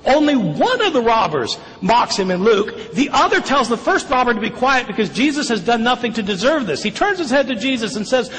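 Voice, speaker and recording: A man giving a public lecture in an emphatic, questioning way, with quick bursts of speech. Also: very high-pitched, very animated, a bit bright, in a large hall, rough recording. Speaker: lecturer on the New Testament.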